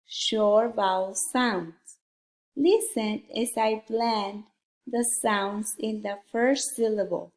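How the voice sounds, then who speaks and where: A woman teaching a phonics lesson to young children, sounding out letters one at a time in a slow, deliberate way. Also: a little high, fairly even intonation, reverberant.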